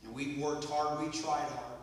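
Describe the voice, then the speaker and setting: A man's voice: fairly high pitch, fairly even intonation, a little slow, a little hiss or hum. A minister reading a story aloud in an earnest, emotional way, then reflecting on his own experience. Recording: echoey hall from far off.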